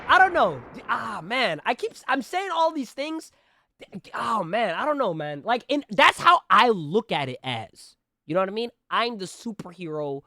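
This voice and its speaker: Young male reaction streamer: high, bright voice, animated and rambling, dry close sound. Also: slight background noise. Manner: animated, rambling, lots of "like" and "you know". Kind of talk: casual reaction commentary.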